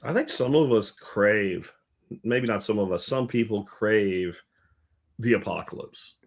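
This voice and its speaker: A man co-hosting a casual live talk show, telling stories with animated energy. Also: on the low side, unhurried, creaky. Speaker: co-host.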